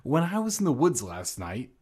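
A man's voice: mid-range voice, wildly swooping pitch, normal speed, a little mellow, breathy edge, full character voice. A man reading aloud and voicing a nervous young boy who sputters and pleads. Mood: anxious. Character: nervous eager boy narrator-hero.

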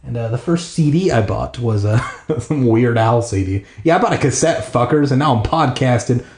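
A man's voice: mid-range voice, lively intonation, normal speed, a little mellow, slight background noise. Joking man reading aloud in echoey room. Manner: irreverent, profane jokey asides. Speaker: podcast host reading a children's book aloud. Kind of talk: casual read-aloud with comic asides.

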